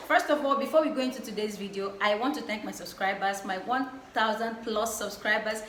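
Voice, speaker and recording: A woman's voice: medium pitch, brisk, background noise. A young woman hosting her own vlog in a casual, effusive way, often repeating her phrases for emphasis. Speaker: vlog host. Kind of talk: casual chat. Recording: echoey room with faint music.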